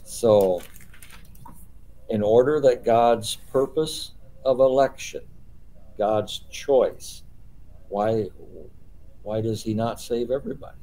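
A man's voice: mid-range voice, takes it slowly, pauses often, mellow, rough recording. A man leading a small-group Bible study, explaining patiently and posing rhetorical questions.

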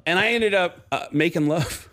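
A man's voice: normal speed, a bit bright. A Canadian man telling a comic story on a radio show, acting out everyone's lines and laughing as he goes. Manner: acts out other people's lines, pitch jumping high and low, laughing through the story. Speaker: comedian guest telling a story. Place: radio studio.

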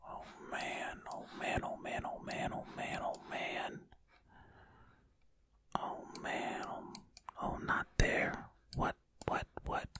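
A man whispering ASMR commentary close to the microphone, fretfully muttering to himself as he plays. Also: takes it slowly. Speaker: ASMR creator.

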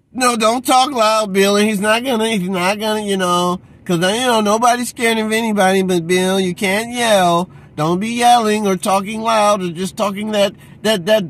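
Guy going off about boxing, high voice, cussing, aave, keeps saying he's sick of it. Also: fairly bright tone. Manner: profane, repeats a catchphrase, mocks others in put-on voices. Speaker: boxing commentator. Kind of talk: heated rant.

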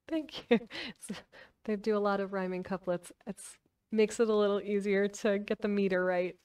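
A woman's voice: medium pitch, fairly even intonation, moderate pace, darkish tone, smooth, distant mic. A woman streaming a live book reading, narrating and chatting casually with her viewers. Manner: chatty, laughs often. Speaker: streamer reading a novel aloud.

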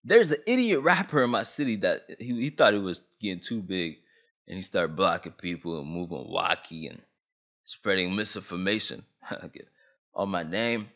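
A man's voice: low voice, normal speed, fairly bright tone. A young man from Canada ranting on camera about a law, agitated, blunt and full of slang. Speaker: vlogger. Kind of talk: heated opinion rant.

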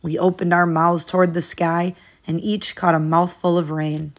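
Reading a picture book for children, a woman speaks at an ordinary pace in a somewhat low voice. She sounds tender and expressive, brightening her tone to mark new days in the story and its exclamations.

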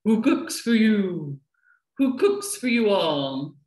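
A storybook barred owl asking its hooting question, as a woman reads it out. The call is slow and drawn out in an echoey room. The pitch sits in a middle range. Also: big pitch swings, darkish tone.

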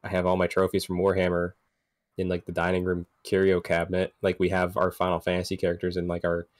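Podcast guest, very low male voice, dry and close, blunt and easygoing. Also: monotone, quick pace, dry recording. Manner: blunt and laid-back, laughs often. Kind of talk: casual podcast chat.

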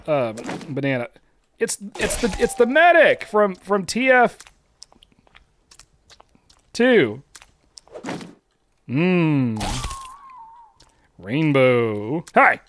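A man commentating live as he plays a game, excitable and teasing the other players. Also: a little high, drawn-out words, pauses often, a little hiss or hum. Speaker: streamer.

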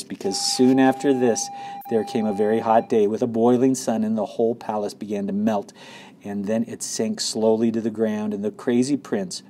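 A man's voice: on the low side, warm tone. A man reading a children's book aloud expressively, with occasional slips. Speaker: reader.

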